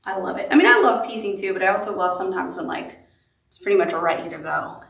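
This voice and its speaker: A woman's voice: on the low side, expressive, fast talker, gravelly, fairly bright tone, echoey room, recorded from a distance. A woman with a Southern accent leads a live quilting tutorial, chatty and upbeat, with cute little asides. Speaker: quilting instructor.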